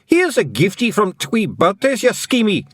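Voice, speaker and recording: A man voicing a tiny, wild, brawling fairy man with a Scottish accent and a squeaky, shrill, yelling voice. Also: sing-song, normal speed, dry recording, clean studio sound. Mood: fierce.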